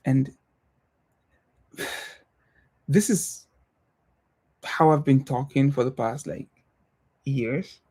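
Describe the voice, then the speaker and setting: A young man with a non-American English accent, talking on a livestream in a reflective, hesitant way, pausing and restarting often. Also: medium pitch, darkish tone. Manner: thoughtful, hesitant, many pauses and restarts. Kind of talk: casual reflective livestream talk.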